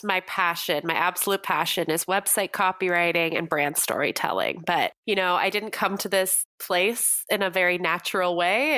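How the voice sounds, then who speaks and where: A woman's voice: fairly low pitch, sharp tone, no room sound. A young adult woman from Canada, a copywriter guest on a podcast interview, speaking with bubbly enthusiasm.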